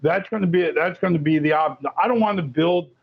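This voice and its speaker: A man talking as a guest on an interview show, chatty and animated, often restarting his sentences. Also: fairly high pitch, fairly quick, vocal fry. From Florida. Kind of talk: casual interview talk. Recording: lo-fi muffled audio.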